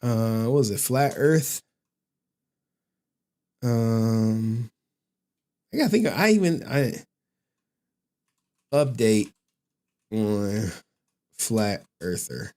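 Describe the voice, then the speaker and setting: A man hosting a live stream, chatting casually in an animated, rambling way and laughing often. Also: fairly low pitch, very slow, long pauses. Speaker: streamer, host.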